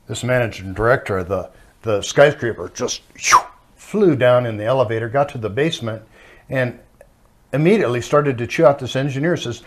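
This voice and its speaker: A man's voice: medium pitch, brisk, fairly bright tone. An older man teaching a marriage course with his wife, telling stories in a folksy way. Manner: folksy storyteller.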